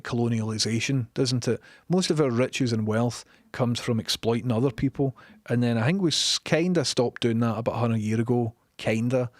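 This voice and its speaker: A man's voice: mid-range voice, no room sound, clean studio sound. Sweary Glaswegian man streaming live. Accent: Scottish, Glaswegian. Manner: sweary, opinionated, chatty. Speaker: livestreamer. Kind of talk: casual live-stream chat.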